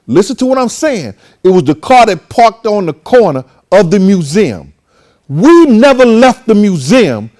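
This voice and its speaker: A man with a high voice tells a long story, and his pitch swings widely as he goes. He talks casually, swears freely and acts out the other people's lines as a show host. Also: a little mellow.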